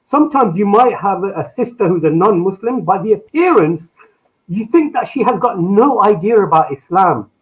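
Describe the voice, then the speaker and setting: A man with a high voice shares his experience sincerely. He is a little hesitant and leans on small fillers as he goes. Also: lively intonation, normal speed, rough recording. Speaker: panelist.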